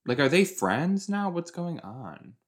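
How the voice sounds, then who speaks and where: A man's voice: a little high, big pitch swings, unhurried. A young man in casual reaction commentary, rambling and joking as he reacts to a TV episode. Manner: chatty, rambling, jokey, puts on silly voices. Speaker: podcast host reacting to a TV episode.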